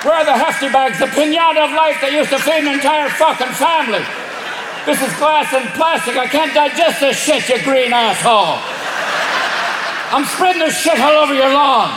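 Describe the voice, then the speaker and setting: A man voicing a foul-mouthed, furious male raccoon with an Irish accent, ranting loudly. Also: extremely high pitch, normal speed, very noisy, pitched above the performer's own voice. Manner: ranting, cursing, loud. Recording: echoey hall with loud crowd.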